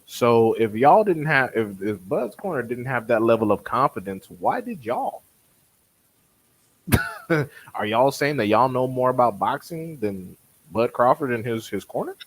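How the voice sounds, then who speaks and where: Animated husky-voiced man arguing boxing. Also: medium pitch, moderate pace, poor audio. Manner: animated, mocking, mimics critics. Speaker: boxing podcast co-host. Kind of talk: casual boxing chat.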